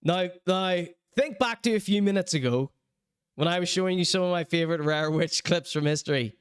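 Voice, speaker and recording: A man's voice: high-pitched, fairly quick, clear, resonant tone, dry recording, studio quality. A man hosting a podcast, chatting casually and laughing often while he comments on clips. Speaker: podcast host.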